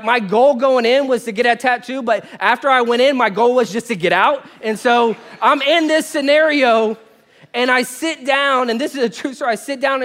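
Male pastor, high voice, lively sermon storyteller, loud-to-hushed swings. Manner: animated storytelling, wide swings between loud bursts and quiet asides.

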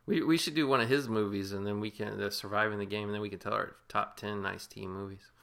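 A man's voice: fairly low pitch, fairly even intonation, fast talker, gravelly, crowd noise. A man co-hosting a casual movie commentary podcast, rambling and swearing loosely with lots of fillers. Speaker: podcast co-host.

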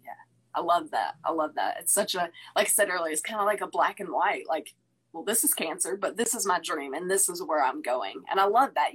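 A woman's voice: on the low side, animated, fairly quick, breathy edge. A woman hosting an interview, effusive and enthusiastic, who often repeats her praise. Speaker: interview host, singer-songwriter. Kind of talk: casual interview chat.

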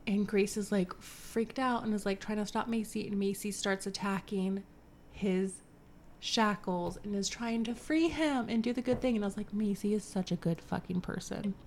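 Woman podcast co-host, mid-pitched, relaxed swearing recap, faint hiss in the background. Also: moderate pace. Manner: animated recap, swears freely, acts out characters' lines. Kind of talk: casual book chat.

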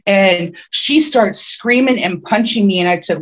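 A woman appearing as a guest on a podcast, who calls herself an oracle, rambles through a story at a slightly slow pace. Her telling is vivid but full of restarts and fillers, and she turns excited and high-pitched whenever she reaches the tense parts.

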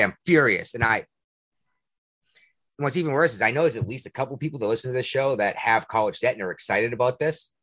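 Husky, fired-up man ranting. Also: on the high side. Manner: profane, indignant, animated. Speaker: podcast host. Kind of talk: heated casual rant.

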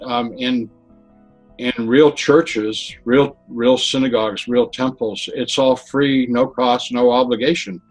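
Husky man retelling a hospital story. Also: medium pitch, rough recording. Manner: animated retelling with dialogue and restarts. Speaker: interviewee telling a near-death story. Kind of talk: personal storytelling.

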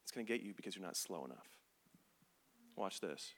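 A man preaching a sermon as a pastor, animated and comedic, acting out little scenes to make his point. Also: low-pitched, brisk.

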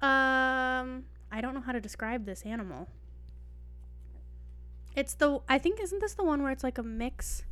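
Young female co-host, clear voice, chatty, giggly. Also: high-pitched, animated, measured pace, long pauses, fairly bright tone. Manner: bubbly, rambling, laughs often. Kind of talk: casual chat.

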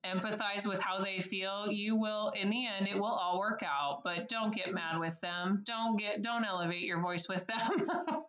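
A woman's voice: mid-range voice, measured pace, a bit bright, dull audio. Bubbly, laughing woman in a roomy space. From United States. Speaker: service advisor. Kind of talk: podcast interview.

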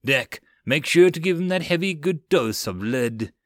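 A man voicing a commanding male air crew chief who yells orders. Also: a little high, animated, normal speed, dry recording, studio quality, voice pushed up, natural voice. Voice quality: loud, barking orders.

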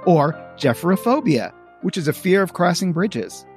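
A bossy, know-it-all little cartoon girl, put on by a man reading a comic strip aloud. She lectures in a raised, lively voice, fairly loud, with a brisk confident lilt. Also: high-pitched, music in the background, pitched above the performer's own voice. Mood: lecturing. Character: bossy girl cartoon character playing psychiatrist.

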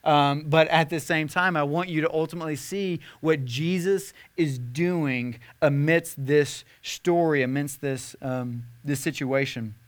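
A young man preaching a sermon as a pastor, conversational with fillers, swinging from impassioned emphasis to hushed tenderness. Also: on the high side, unhurried, few pauses. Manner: earnest, rising to impassioned emphasis then hushed.

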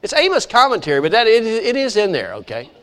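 Preacher guy, high voice, all over the place with it, acting out the story lines. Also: fast talker. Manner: animated storytelling, acting out voices of biblical figures. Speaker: pastor. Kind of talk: sermon.

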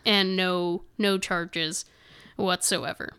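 A woman's voice: on the low side, steady tone, slow, pushed and bright, clean tone. Woman reading news with indignant asides. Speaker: podcast co-host. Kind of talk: casual chat, reading news excerpts aloud.

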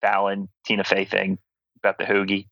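Low gravelly young man, bright and dry. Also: monotone, no echo. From Philadelphia. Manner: easygoing, thinks aloud, quick laughs. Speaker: podcast co-host. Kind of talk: casual sports chat. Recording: dull lo-fi home recording over call.

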